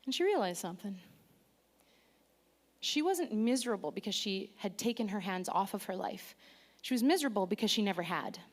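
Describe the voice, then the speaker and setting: Animated woman preaching in a reverberant hall. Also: medium pitch, fairly quick, long pauses. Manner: lively, self-deprecating humor, engages audience. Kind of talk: sermon. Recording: long reverb of a large hall.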